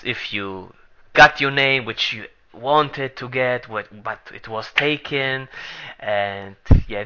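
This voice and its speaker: A man with English as a second language, co-hosting a casual gaming podcast in an animated, jokey way with small grammar slips. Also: medium pitch, highs cut off. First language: not English. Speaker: podcast co-host.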